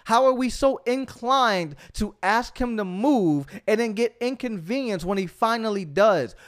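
Man, preacher, high-pitched, fervent, exhorting, sermon podcast. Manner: fervent, exhorting, frequent "come on". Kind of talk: sermon-style podcast teaching.

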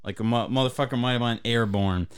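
A man from Michigan spins a long, swearing road story on a podcast, rambling and casual. His voice is smooth and resonant at an everyday middle pitch. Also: quick pace. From Michigan, USA. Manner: profane, rambling anecdote-telling. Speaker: podcast co-host.

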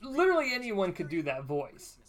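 A podcast co-host who makes dry, deadpan jokes while commenting on a cheap special. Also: medium pitch, brisk. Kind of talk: casual riffing commentary.

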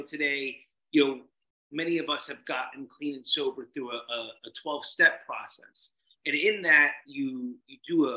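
A man guesting on a podcast, telling a story in an animated way, acting out quotes and swearing casually. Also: on the high side, echoey room, low-quality recording.

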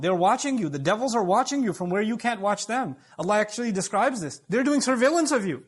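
A man's voice: sits high, animated, fast talker, few pauses, slightly rough. A man giving an emphatic Friday sermon, explaining points and asking his listeners questions. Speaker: preacher.

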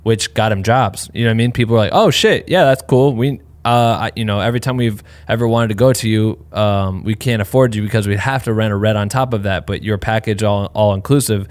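A man's voice: lowish voice, fairly even intonation, quick pace, hardly any pauses, a little mellow, dry recording. Congested man in casual, profane chat. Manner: candid, profane, rambling with fillers. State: congested, sounds sick.

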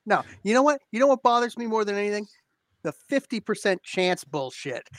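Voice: brisk, dry recording. A podcast co-host chatting casually, prone to sarcastic rants with lots of swearing. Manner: sarcastic, ranting, lively swings in pitch.

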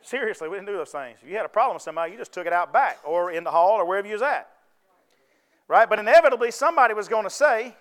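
A man's voice: sits high, fast, a bit bright. A man preaching a sermon, folksy and conversational, often asking the congregation to answer back.

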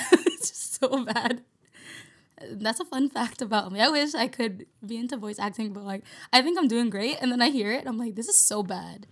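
A woman's voice: fairly high pitch, fairly quick, hardly any pauses. A young woman co-hosting a podcast, chatting casually, rambling and laughing often. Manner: giggly, rambling, heavy use of "like". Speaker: podcast co-host. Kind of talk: casual chat.

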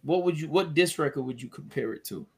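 A young man co-hosts a casual sports talk show, arguing and teasing his partner in a playful back-and-forth. His voice sits a bit higher than most men's. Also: fast talker, gravelly, a little mellow. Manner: argumentative, playful ribbing. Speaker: podcast co-host.

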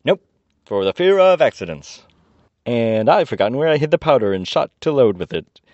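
A bumbling, timid soldier drawls his answers slowly and dimly, as a man reading a storybook puts him on, a little higher than the reader's own voice. The recording is dull and dry. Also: sing-song, a little mellow, no room sound, natural voice. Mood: dopey. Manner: slow, dim-witted drawl. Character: timid, bumbling lone male soldier with green whiskers.

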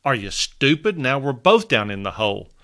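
A man voicing a desperate man stuck down in a deep hole, calling up and pleading for help in a clear, bright voice. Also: sing-song, normal speed. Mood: exasperated.

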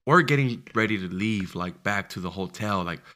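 A young man with a low but very bright, cutting voice, chatting casually. He teases his friend and laughs easily. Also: normal speed. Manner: animated, laughing listener who teases. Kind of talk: casual chat.

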